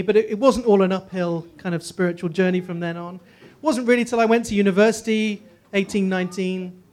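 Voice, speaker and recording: A man in his forties with a posh English accent, telling his personal faith story with self-deprecating jokes. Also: high-pitched. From Northeast England. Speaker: guest speaker. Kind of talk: humorous personal testimony.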